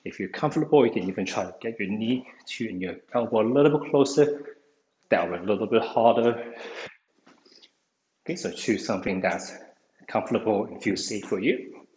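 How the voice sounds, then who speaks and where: A man's voice: lowish voice, brisk, long pauses, darkish tone. A man instructing an online exercise class, slightly out of breath, encouraging and saying "okay" again and again. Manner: encouraging, says "okay" constantly. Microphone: video call. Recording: echoey room, faint noise.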